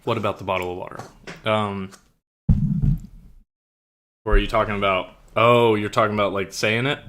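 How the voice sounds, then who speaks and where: A man's voice: on the low side, level tone, normal speed, fairly bright tone, slight background noise. A young man talking casually to his stream chat, rambling, swearing and hunting for words. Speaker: streamer and writer.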